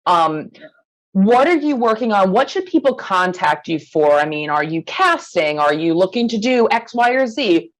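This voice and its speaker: Lively woman hosting a podcast. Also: medium pitch, moderate pace, low-quality recording. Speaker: podcast host. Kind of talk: interview questions.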